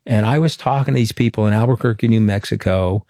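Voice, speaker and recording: A middle-aged man from Long Island, New York, recounting events as an interview guest in a frank, emphatic, anecdotal way. His voice sits fairly low. The sound is dry and close, with little room around it. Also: fast talker, dark tone, no room sound. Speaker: interview guest, former political communications director. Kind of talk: candid storytelling in an interview.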